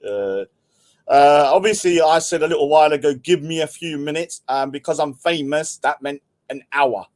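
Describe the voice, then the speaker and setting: A man's voice: on the high side, normal speed. A middle-aged man, casually rambling and joking while he hosts a livestream and reads out chat. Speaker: livestream host.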